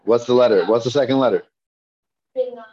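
A man with a medium-pitched, darkish voice and normal pacing leads a Hebrew reading class. He patiently sounds out syllables for students to echo, frequently restarting his phrases, captured on a dull lo-fi recording.

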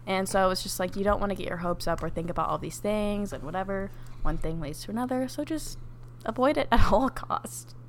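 A woman's voice: mid-range voice, brisk, slight background noise. A young woman co-hosting a podcast, frank and giving advice in casual chat, laughing often. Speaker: podcast co-host.

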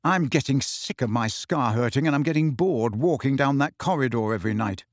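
A man's voice: medium pitch, lively intonation, fairly quick, no room sound, studio quality, natural voice. A man reading aloud, voicing a weary, irritable teenage boy who speaks bluntly. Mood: irritable, flat.

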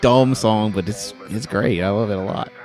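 A man's voice: lowish voice, normal speed, darkish tone. A man hosting a casual music podcast, talking in an easygoing way and laughing often. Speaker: podcast host. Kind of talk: casual chat.

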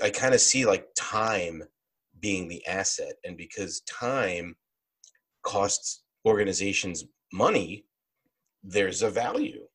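A man co-hosting a podcast, talking through a technical topic in a thoughtful, halting way with many restarts. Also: low-pitched, breathy edge. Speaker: podcast co-host. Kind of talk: casual technical discussion.

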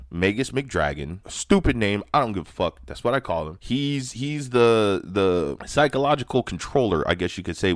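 A man's voice: on the low side, no echo, clean studio sound. A man hosting his own podcast, talking through personal thoughts in a rambling, candid solo monologue with the odd curse. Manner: rambling, candid, sprinkled with profanity. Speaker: podcast host.

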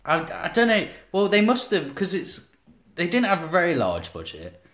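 A man co-hosts a casual comedy podcast and keeps throwing in quizzical, joking questions. His pitch swings widely and sits slightly raised. He sounds like he is in an echoing room. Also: wildly swooping pitch, normal speed, fairly bright tone. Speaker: podcast co-host. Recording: roomy echo.

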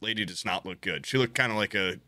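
A man in his late twenties telling a story in casual chat, animated, swearing freely and acting out what people said. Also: fairly low pitch, quick pace, dry recording.

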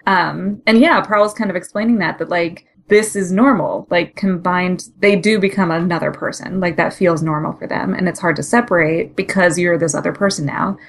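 A woman's voice: fairly low pitch, fairly even intonation, normal speed, few pauses, slight background noise. A woman co-hosting a casual podcast about comics, talking animatedly with frequent laughs and swearing, acting out characters' lines as she goes. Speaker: podcast co-host. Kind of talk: casual comic-book discussion chat.

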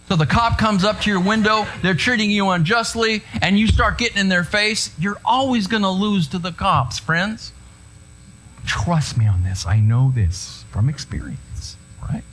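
A middle-aged man preaching a sermon in a conversational, storytelling way, often checking in with the congregation with quick asides. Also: high voice, fairly bright tone, slight background noise. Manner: conversational, anecdotal preaching with frequent "right?" asides. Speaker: pastor.

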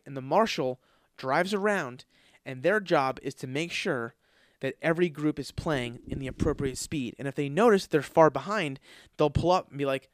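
Guy ranting and swearing through a story, voice a bit high, dry sound no room. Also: no echo. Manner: profane, animated ranting with frequent swearing. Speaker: podcast host. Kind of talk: casual storytelling monologue.

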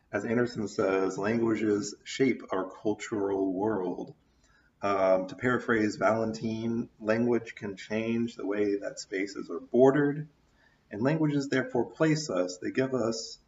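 A man's voice: on the low side, darkish tone, distant mic. A man with an American accent giving a recorded audio lecture, thoughtful and loose, with many ums and restarts. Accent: American English. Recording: dull, roomy, mic set back.

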